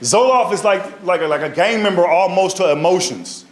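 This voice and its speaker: On a comedy stage before a live audience, a male stand-up comedian tells stories into a handheld mic, using loose slang and tag questions. His voice sits high and animated at a normal speed, with a noisy background and audience laughter.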